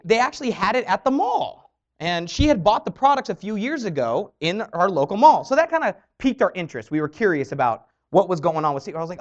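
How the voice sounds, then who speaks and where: A man giving a motivational talk to an audience about his network marketing story, animated and acting out the voices he quotes. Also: high-pitched, fast talker. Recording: dull lo-fi recording.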